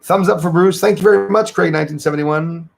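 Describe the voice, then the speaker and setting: Man, gravelly voice, casual livestream host, chatty, greets viewers by name. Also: on the high side, fast. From Canada.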